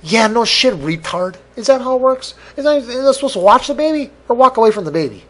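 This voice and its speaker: A man's voice: very high-pitched, animated, quick pace, fairly bright tone. A man hosting a podcast, ranting profanely and exasperated, acting out both sides of imagined conversations. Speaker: podcast host. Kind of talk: solo rant podcast.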